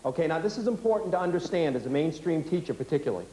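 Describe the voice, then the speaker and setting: A man leads a teaching workshop, firing rapid questions at his audience and then explaining. His voice sits high for a man. The recording carries the ring of a large, echoey hall. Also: lively intonation, mellow. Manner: brisk, rapid-fire questioning. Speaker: workshop leader.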